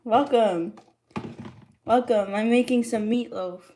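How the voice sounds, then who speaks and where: A woman's voice: a little high, slow, warm tone, slight background noise. A woman cooking on a livestream in her home kitchen, chatting casually as she greets viewers and reads the chat aloud. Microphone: streaming mic.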